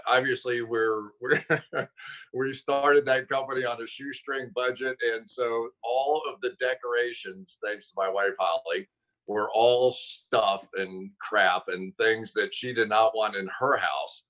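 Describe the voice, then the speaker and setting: A man telling stories as a guest on a video call, animated and quick to correct himself mid-sentence. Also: mid-range voice, lo-fi sound. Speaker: guest, football analyst. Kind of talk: casual interview chat.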